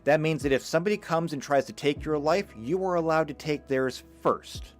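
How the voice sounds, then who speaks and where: A man's voice: a little high, moderate pace, soft background music. A man giving a live lecture, talking emphatically and stumbling over a few restarts. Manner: animated, emphatic, with occasional stammered restarts. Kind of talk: live lecture reading chat comments.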